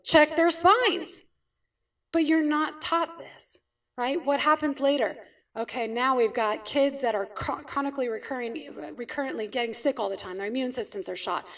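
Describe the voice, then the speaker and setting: A woman's voice: high voice, distant mic. A woman chiropractor giving a storytelling talk to an audience, often asking questions and answering them herself and checking in with "right?". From California.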